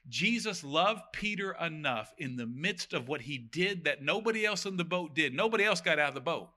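A man preaching a sermon, reading scripture aloud and breaking in with animated, joking comments. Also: fairly high pitch, moderate pace, hardly any pauses. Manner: animated, reads verses then comments with jokes.

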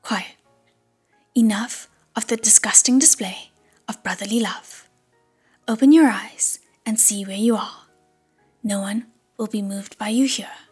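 A woman's voice: on the high side, a little slow, dark tone, husky, soft background music. A woman voicing a cold, vengeful male demon in a chilling whispered role-play.

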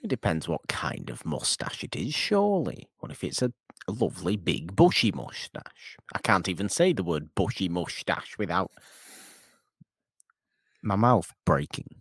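Casting note: man, film-podcast host, very deep voice with lively pitch, wry and teasing, dry close sound. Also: measured pace, breathy edge, dry recording. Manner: wry, mock-posh teasing, talkative. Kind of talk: casual film discussion.

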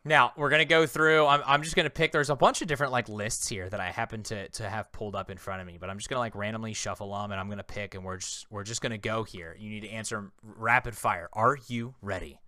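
Male podcast co-host in his 30s, teasing quizmaster, bright tone, dry close sound. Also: on the low side, steady tone, quick pace, hardly any pauses, no echo. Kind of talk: casual chat.

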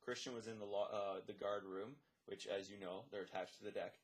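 Animated man telling a wild story. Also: on the low side, brisk. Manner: animated, swears, many fillers; acts out dialogue, drops to a whisper. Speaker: lifeguard and swim instructor. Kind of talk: casual storytelling.

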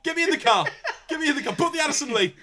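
A man voicing a flustered, swearing male mayor who shouts his lines. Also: extremely high pitch, sing-song, very fast, gravelly, voice pushed up, full character voice. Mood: panicked.

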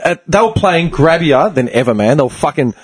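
Man, 30s, husky and fairly high-pitched, animated profane storyteller. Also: fairly quick. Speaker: storyteller among friends. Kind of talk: casual chat.

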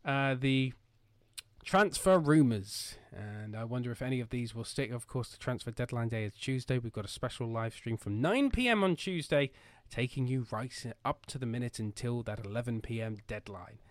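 A man's voice: mid-range voice, animated, normal speed, no room sound, clean studio sound. A man hosting a casual football podcast from home, joking and rambling with lots of fillers. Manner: jokey and rambling, with many fillers. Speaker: podcast host.

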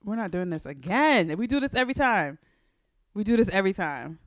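A young woman co-hosting a podcast, chatting in an animated, exasperated way and laughing easily. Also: mid-range voice, brisk, dry recording, clean studio sound. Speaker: podcast co-host. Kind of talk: casual chat.

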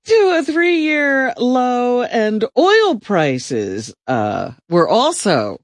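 A man reading the news on a radio show in a measured way, with fillers. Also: very high-pitched, wildly swooping pitch, no echo.

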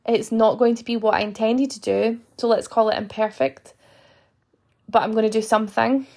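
A woman's voice: on the high side, fairly even intonation, moderate pace, darkish tone. A young woman, a fitness coach hosting her own podcast, talking earnestly to listeners and acting out little inner voices. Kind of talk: motivational podcast monologue.

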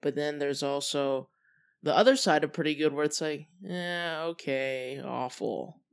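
Relaxed young podcast host, chatty. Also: medium pitch, moderate pace. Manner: relaxed, chatty, with many fillers and trailing thoughts. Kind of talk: casual solo podcast talk.

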